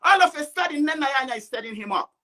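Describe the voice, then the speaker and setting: A woman calling in to a talk show, speaking passionately, often shouting and sometimes tearful. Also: high-pitched, expressive, fast talker. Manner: impassioned, rising to shouting. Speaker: caller. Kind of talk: impassioned call-in rant.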